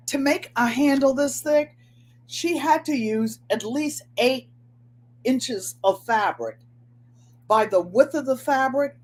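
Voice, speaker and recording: Older woman, crafts channel host, slow and rambling casual chat, breathy voice. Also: fairly high pitch. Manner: rambling and chatty, repeats phrases.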